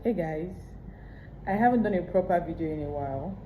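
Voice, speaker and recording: Pregnant woman vlogger with a Nigerian accent, low-pitched and reflective, recorded in a roomy, echoey space. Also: animated, fairly quick, noisy background. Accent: Nigerian English. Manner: chatty, candid and reflective. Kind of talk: casual vlog chat. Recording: roomy echo.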